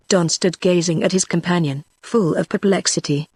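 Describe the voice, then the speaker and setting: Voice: medium pitch, normal speed, few pauses, a little mellow, breathy edge, no echo. Dry synthetic audiobook narrator voice. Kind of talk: synthetic text-to-speech narration.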